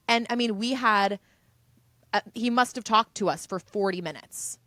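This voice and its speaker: A woman's voice: fairly high pitch, moderate pace, sharp tone, dry recording. A woman co-hosting a comedy podcast, telling chatty stories in a casual chat and acting out what people said. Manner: chatty storyteller, acts out quotes. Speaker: podcast co-host. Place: home room.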